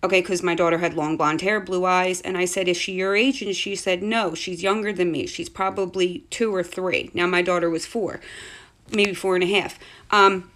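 Animated woman telling a spooky story. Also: on the low side, normal speed. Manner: animated, acts out the voices in her story. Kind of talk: casual storytelling to camera.

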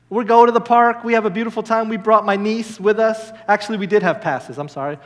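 A man in his thirties, a minister preaching a sermon with lively storytelling and sudden bursts of excitement. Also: high-pitched, fast, hardly any pauses. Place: church hall. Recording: long hall reverb.

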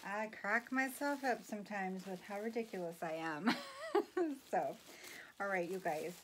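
Woman vlogger, easy slow delivery, giggly and gushing over small gifts, recorded on a phone. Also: medium pitch, a little hiss or hum. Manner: chatty, giggly, gushing, drifts into soft whispers. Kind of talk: casual chatty haul video.

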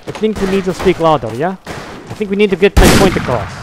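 A man's voice: mid-range voice, moderate pace, heavy background noise, lightly acted. A man joking in a put-on Russian accent with broken English while gaming. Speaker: gamer. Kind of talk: comedic gaming chat in a fake Russian accent. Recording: loud gunfire over game audio.

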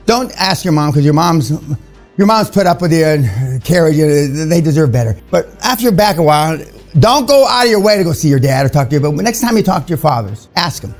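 A man's voice: on the high side, big pitch swings, fairly quick, soft background music. A man in his seventies giving a blunt, crude and confrontational seminar talk to a room of people, with many fillers. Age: 70s. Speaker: seminar speaker. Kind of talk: profane motivational seminar talk.

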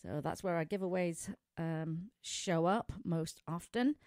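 Middle-aged woman host with a foreign accent, low-pitched, chatty and laughing, close dry studio sound. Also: a little slow, a little mellow, no room sound. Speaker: pet radio show host. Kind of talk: casual radio chat. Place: small studio.

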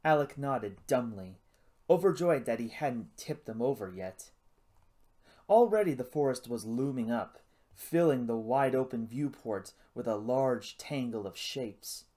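A man narrating an adventure novel as an audiobook. His reading is dramatic and expressive. His pitch swings widely as he tells the story. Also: a little slow. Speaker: audiobook reader.

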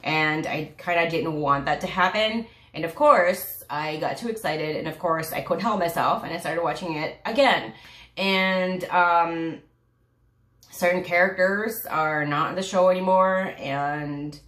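Low-voiced gushing woman reviewer, echoey room. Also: slow, a bit bright. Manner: rambling, gushing, sighing, with many fillers and restarts. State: close to tears. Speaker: YouTube reviewer. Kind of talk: casual emotional TV review.

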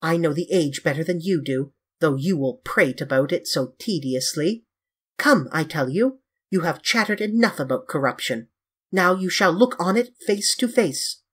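A man's voice: a little high, expressive, moderate pace, fairly bright tone. A reader playing Dorian Gray, scornful mocking young man. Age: young adult. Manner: hard, clear, mocking, scornful.

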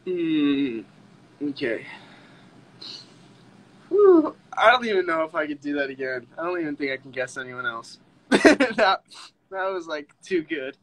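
A young man chatting on a livestream, with a bright voice that sits a bit high. He is emotional and laughs often, starting over mid-sentence. His talk is loose and casual. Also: low-quality recording. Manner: emotional, laughing, halting restarts. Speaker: livestream host.

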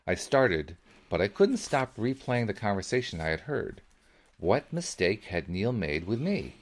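A man reading a book aloud as a podcast host, narrating in the first person in a measured, steady way. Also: on the low side. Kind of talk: audiobook-style reading.

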